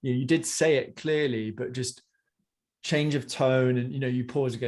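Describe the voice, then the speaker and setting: Male coach, mid-pitch, gives chatty encouraging feedback in a one-on-one session. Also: fairly even intonation, moderate pace, darkish tone. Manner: encouraging, conversational, many fillers.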